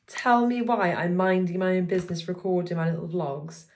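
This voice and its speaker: A young woman vlogger with a somewhat low voice rambles casually at a normal pace, her chatty talk full of fillers. Hay fever has given her a sore throat. She holds her phone as the mic, and the background is noisy.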